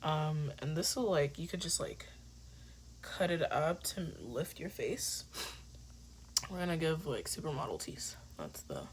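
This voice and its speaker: A young woman chatting casually through a makeup tutorial, joking with her viewers and dropping into soft whispers now and then. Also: low-pitched, animated, a little slow, slight background noise. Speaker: beauty vlogger.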